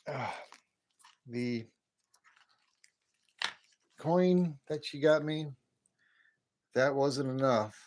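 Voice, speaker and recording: A man's voice: mid-range voice, a little mellow. A middle-aged man hosting a casual live stream from home, chatting in a folksy way and calling viewers brother.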